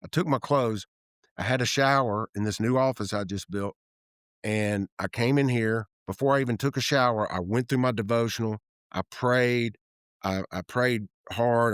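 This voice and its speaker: A man's voice: lowish voice, normal speed, smooth, no room sound, clean studio sound. Man telling stories with candid energy. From Tennessee. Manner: animated storyteller who acts out quoted dialogue, trails off and restarts. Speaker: guest, real estate developer. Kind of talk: candid storytelling interview. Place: office room.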